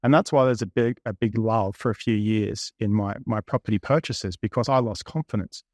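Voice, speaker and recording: A man's voice: fairly low pitch, fairly quick, darkish tone, no room sound, studio quality. A man in his thirties, a property investor, candidly recounting past conversations at length in an interview. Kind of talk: interview storytelling.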